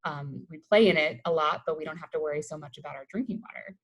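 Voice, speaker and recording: A low-pitched woman speaking at a quick pace presents an upbeat, conversational webinar via video call. She's a waste-reduction educator from Colorado and sounds enthusiastic about the topic, heard on a rough recording.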